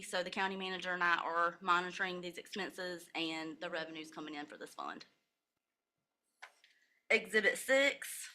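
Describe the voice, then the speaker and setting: Brief: woman finance officer, bright voice, methodical reading of numbers at a public meeting. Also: medium pitch. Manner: methodical, steady recital of figures with brief self-corrections. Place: county commissioners' meeting room.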